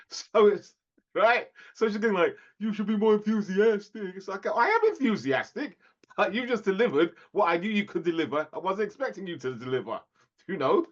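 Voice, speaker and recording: A man's voice: sits high, fairly bright tone, lo-fi sound. A man co-hosting a podcast in casual chat, laughing often and restarting his sentences. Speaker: podcast co-host.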